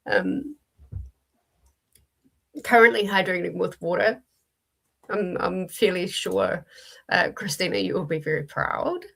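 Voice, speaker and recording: Gravelly-voiced New Zealand woman, morning voice. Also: fairly low pitch, animated, takes it slowly, pauses often, fairly bright tone. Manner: chatty, addresses viewers directly, frequent ums. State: early-morning voice. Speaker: livestream host leading reading sprints. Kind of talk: casual livestream chat.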